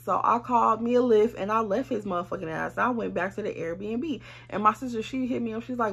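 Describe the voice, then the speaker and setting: Husky young woman telling a story. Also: mid-range voice, a little fast, hardly any pauses. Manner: animated, blunt, swears freely. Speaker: vlogger. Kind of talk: casual storytime.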